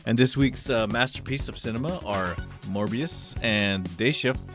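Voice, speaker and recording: A man's voice: medium pitch, moderate pace. Podcast host man over music. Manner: relaxed, brief interjections. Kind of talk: casual chat.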